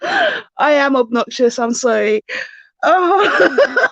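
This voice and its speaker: A woman's voice: sits high, wildly swooping pitch, extremely slow, long pauses, a bit bright, no room sound. A young woman hosting a casual live stream chat, teasing her viewers and laughing almost constantly. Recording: dull lo-fi stream audio.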